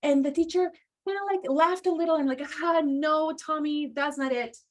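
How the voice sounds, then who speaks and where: A woman voicing an upset child who rushes through a tearful, whiny complaint about school. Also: high-pitched, recorded from a distance, voice pushed up, natural voice.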